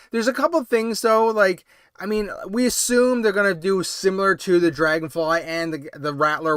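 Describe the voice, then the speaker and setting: A man's voice: on the high side, a bit bright, clean tone, no echo, studio quality. A man hosting a late-night toy-collecting livestream, chatting casually and rambling with lots of hedges and fillers. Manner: rambling, hedging with many ums and I means. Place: home, late-night stream.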